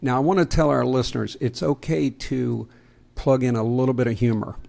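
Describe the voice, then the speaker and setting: Southern American man, gravelly, podcast co-host, easygoing and jokey. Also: mid-range voice, fairly even intonation, fairly quick, a little mellow. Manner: joking, laughs often, restarts sentences. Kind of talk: casual podcast chat.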